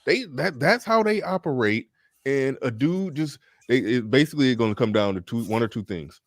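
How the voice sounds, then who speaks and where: A man's voice: mid-range voice, lively intonation, normal speed, dry recording, clean studio sound. A man talking in a laid-back, slangy way during a casual reaction chat.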